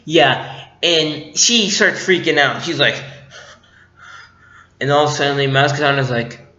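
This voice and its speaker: A man's voice: on the high side, unhurried, long pauses, pushed and bright. A man giving a casual, rambling movie review with lots of filler words, recorded on a dull lo-fi mic in an echoey room.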